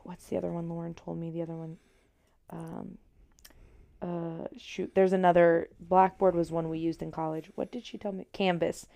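Woman co-host chatting, low-ish mellow voice, smooth. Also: flat delivery, normal speed. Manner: chatty, agreeing fillers, searches for words. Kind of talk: casual chat.

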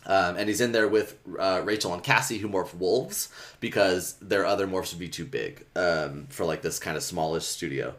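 A man's voice: sits low, moderate pace, fairly bright tone. A man hosting a podcast, casually retelling a book's plot in loose, rambling talk full of fillers and swearing. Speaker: podcast host recapping a book. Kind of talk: casual chat.

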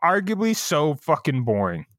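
A man's voice: fairly high pitch, wildly swooping pitch, moderate pace, no room sound, clean studio sound. A young man co-hosting a casual podcast, riffing on jokes and swearing freely. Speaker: podcast co-host.

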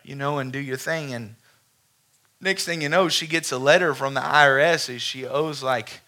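Pastor, man, preaching with a bright, cutting edge to his voice, storyteller, calls for amen. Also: mid-range voice, normal speed. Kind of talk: sermon with storytelling. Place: church sanctuary before a congregation.

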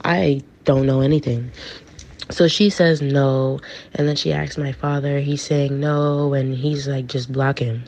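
Gravelly-voiced woman telling a story. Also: a bass voice, steady tone, unhurried, darkish tone. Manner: chatty, acts out quoted texts. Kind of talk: casual personal storytelling. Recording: dull lo-fi recording.

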